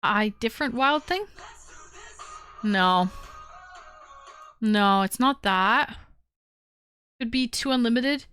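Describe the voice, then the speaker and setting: A young woman hosting a live-streamed call-in show, chatting casually and getting excited as she talks. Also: on the high side, takes it slowly, pauses often, smooth, faint music behind. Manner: excitable, chatty, bursts into shouting and humming beats.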